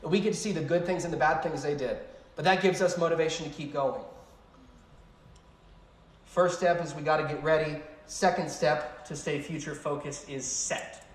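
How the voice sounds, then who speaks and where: A young male youth pastor preaches in a relaxed, chatty way, slipping into animated storytelling with quick asides. His voice sits a bit high. The sound carries the echo of a big room. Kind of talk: youth sermon.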